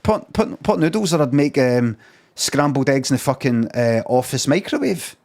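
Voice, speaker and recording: A middle-aged Scottish man rambling through a comic rant on a live stream. He swears constantly, circles back and repeats himself, and keeps a plain, average pitch. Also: big pitch swings, normal speed, a little mellow.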